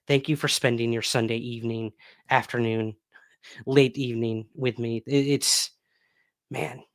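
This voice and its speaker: A man's voice: medium pitch, vocal fry, no echo, clean studio sound. A man hosting a casual livestream, chatting loosely and reading out viewer comments. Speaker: livestream host.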